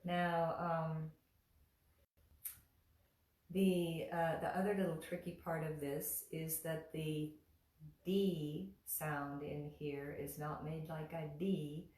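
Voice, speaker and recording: A woman teaching pronunciation, patiently repeating each syllable slowly and clearly. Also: sits low, level tone, a little mellow. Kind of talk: slow, patient pronunciation lesson. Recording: roomy echo, voice a bit far from the mic.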